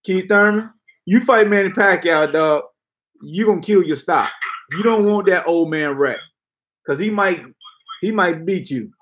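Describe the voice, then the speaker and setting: A man with a fairly high voice hosts a sports talk show. He rants bluntly and loosely in casual slang. His delivery is animated. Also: measured pace. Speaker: podcast host.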